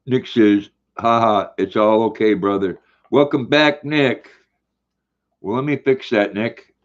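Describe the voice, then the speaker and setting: A man's voice: on the low side, fairly even intonation, takes it slowly. An older man hosting a casual livestream, reading viewers' comments aloud in a folksy way while eating. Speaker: livestream host. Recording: dull lo-fi stream audio.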